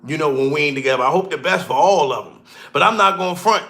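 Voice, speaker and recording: Loud guy ranting and cussing for laughs, high gravelly voice. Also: quick pace. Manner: loud, rowdy, laughing, swearing. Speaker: comedy commentator. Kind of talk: profane reaction commentary.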